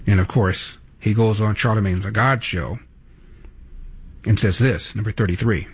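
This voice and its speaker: A man's voice: lowish voice, normal speed, slightly rough. A man hosting talk radio, delivering indignant, mocking commentary.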